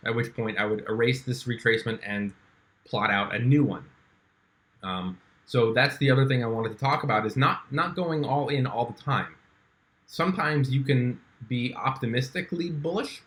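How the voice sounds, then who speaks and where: A man's voice: mid-range voice, a bit bright. A young man walking through his stock trades in a casual, chatty way, with frequent fillers and restarts. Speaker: stock trading YouTuber. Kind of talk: casual screen-share walkthrough.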